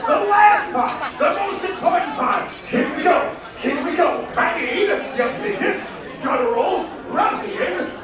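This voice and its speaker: A man playing a boisterous tavern thug who hosts a live dinner show, shouting call-and-response chants to the audience. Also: very high voice, expressive, slow pace, few pauses, exaggerated voice. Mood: rowdy. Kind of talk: live theatrical audience warm-up. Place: themed restaurant on a cruise ship. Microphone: visitor's camera at a distance. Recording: echoey dining hall, heard from far, loud music and crowd.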